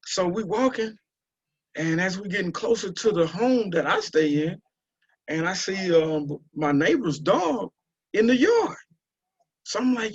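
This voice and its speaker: A man from Houston, telling a story and urging listeners on a group call, with animated, repetitive exhortation. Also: high voice, measured pace, breathy edge. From Houston, Texas. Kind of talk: motivational storytelling. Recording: muffled lo-fi call audio.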